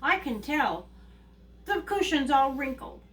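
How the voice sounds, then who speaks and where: A woman voicing a fussy mother bear in a children's storybook reading, slow and particular. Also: high voice, very animated, fairly bright tone, a little hiss or hum, pitched above the performer's own voice, full character voice. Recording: distant mic with faint ambience.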